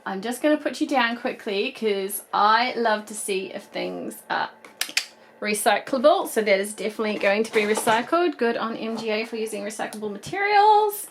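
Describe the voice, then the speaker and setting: Gushing high-voiced New woman. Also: normal speed, a little hiss or hum. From New Zealand. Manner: gushing and excitable, rambling asides. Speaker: toy collector and vlogger. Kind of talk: toy unboxing vlog.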